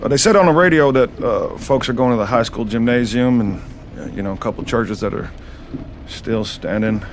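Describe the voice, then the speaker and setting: An actor playing a man driving through a storm-wrecked town, speaking in a halting way. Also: medium pitch, a little hiss or hum, lightly acted. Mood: shaken. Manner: shaken, halting. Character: man checking on a storm-struck home.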